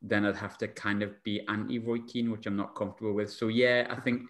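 Low-voiced guy hosting a chatty podcast, rambles a lot. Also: flat delivery, a little fast, fairly bright tone. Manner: chatty, laughing asides, rambling. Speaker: podcast host. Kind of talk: casual chat.

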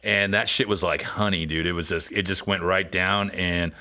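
A man's voice: deep voice, steady tone, moderate pace, sharp tone. A man hosting a casual podcast chat, telling long rambling stories and acting out what people said. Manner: rambling storyteller, acts out quotes. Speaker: podcast host.

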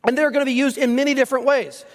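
A man with a strikingly high voice preaches a sermon to his congregation. He tells stories earnestly, stumbling and restarting as emotion creeps in. The sound carries a long reverb from a large sanctuary. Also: steady tone, racing. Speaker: pastor. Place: church sanctuary.

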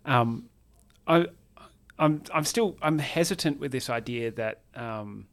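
A man's voice: medium pitch, fairly bright tone. Thoughtful man hosting a discussion. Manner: thoughtful, measured, brings in scripture. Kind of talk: casual conversation.

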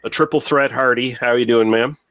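A man hosting a casual film podcast, talking in a relaxed, rambling way with fillers and quick asides. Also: mid-range voice, clean tone, no echo. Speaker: podcast host.

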